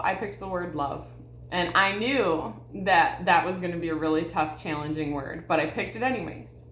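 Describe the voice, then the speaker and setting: A woman's voice: fairly low pitch, muffled recording, slight background noise. A woman in her thirties telling a personal story to her viewers in an earnest, heartfelt way, calling them y'all. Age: 30s. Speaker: vlogger. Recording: echoey room.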